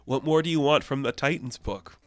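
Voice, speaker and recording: Chatty, excited comic reviewer man. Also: mid-range voice, fairly quick, no echo, faint music behind. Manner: enthusiastic, chatty recaps with quoted voices. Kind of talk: casual video review.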